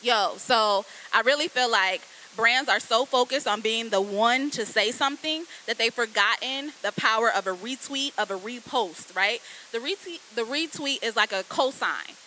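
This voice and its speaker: Lively, conversational woman with a bright voice. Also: fairly high pitch, normal speed, few pauses, slight background noise, poor audio. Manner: lively, conversational, colloquial, addresses students directly. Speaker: guest speaker, copywriter. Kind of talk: casual classroom talk.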